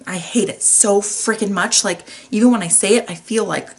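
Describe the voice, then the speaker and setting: A woman's voice: mid-range voice, normal speed, hardly any pauses, husky. A woman hosting her own podcast, giving a candid, chatty motivational talk that is playful and laced with mild swearing. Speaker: podcast host. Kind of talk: casual motivational monologue.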